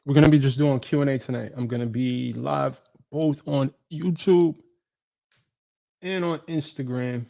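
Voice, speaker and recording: A man's voice: mid-range voice, fairly even intonation, unhurried, vocal fry, dark tone. A man from New York hosting a casual live Q&A stream, talking loosely in slang and greeting viewers by name. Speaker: fitness creator hosting a live Q&A. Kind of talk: casual livestream chat.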